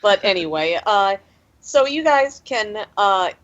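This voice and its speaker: A woman's voice: mid-range voice, lively intonation, slow, fairly bright tone. A woman running a tabletop game as game master, laid-back and wry, swearing casually. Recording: dull lo-fi audio.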